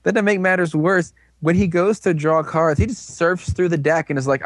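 A man in casual chat, animatedly recapping a show and tossing in quick voiced quotes between laughs. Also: a little high, fairly even intonation, no room sound.

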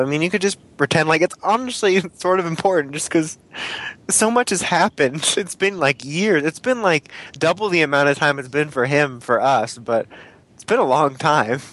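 A man's voice: a little high, fairly quick, fairly bright tone. A man co-hosting a casual podcast about cartoons, rambling and apologizing for his own tangents. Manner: rambling, self-deprecating, apologetic. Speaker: podcast co-host.

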